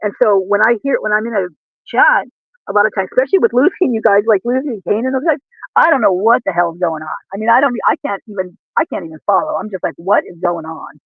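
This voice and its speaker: A man's voice: sits high, fast talker, gravelly, dry recording. A man in casual chat as a livestream guest, talking earnestly in a rambling, self-correcting way. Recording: tinny dry call audio.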